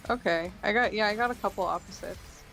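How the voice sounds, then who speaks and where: A guest in a casual chat eagerly asking quick questions. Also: medium pitch, creaky, sharp tone, faint music behind.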